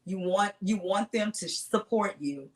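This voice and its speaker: A middle-aged woman, a singer as a guest, telling stories with lively acted-out quotes in a relaxed chat. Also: mid-range voice, measured pace. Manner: animated storyteller acting out voices. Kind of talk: casual interview storytelling.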